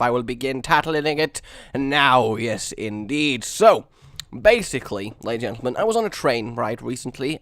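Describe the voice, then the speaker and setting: Excitable man rambling through a game story. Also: medium pitch, no echo, clean studio sound. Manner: excitable, rambling, self-mocking. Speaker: gaming video host. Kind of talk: storytelling while building in a game.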